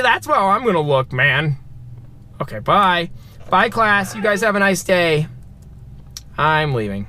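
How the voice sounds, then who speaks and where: Excitable high-voiced man playing a game. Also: normal speed, background noise. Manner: excitable, yelps and shouts at scares; joking, talks to viewers. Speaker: gamer. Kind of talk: let's play commentary.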